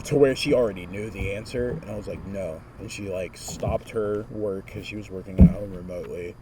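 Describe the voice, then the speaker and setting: A vlogger in his twenties chats casually with a friend, telling an expressive story and acting out other people's lines. His lowish voice runs a little fast, recorded on a distant mic with clear noise.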